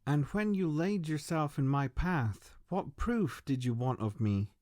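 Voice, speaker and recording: A stern, lecturing prophet-sage, read aloud by a man. He speaks slowly and severely, his pitch ranging widely, in a dry, close sound. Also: expressive, a little mellow, dry recording. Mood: gloomy.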